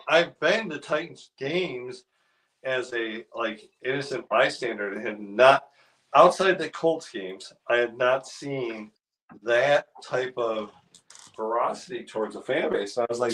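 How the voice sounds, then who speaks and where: A man's voice: mid-range voice, fairly bright tone, low-quality recording. Rambling man telling a story. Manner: rambling, full of restarts and fillers; acts out the people in his story. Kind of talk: casual storytelling chat.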